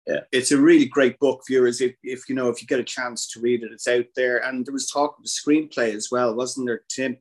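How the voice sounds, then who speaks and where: Male interview host, slightly husky, chatty and encouraging. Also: medium pitch, steady tone, a little fast. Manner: encouraging, frequent short agreement. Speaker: podcast host. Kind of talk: casual interview chat.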